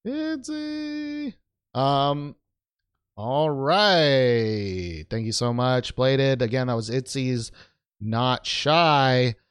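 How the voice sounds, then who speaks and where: Lively joking man hosting a chat. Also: medium pitch, smooth, dry recording, studio quality. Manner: lively, joking, laughs often. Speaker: host. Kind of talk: casual chat.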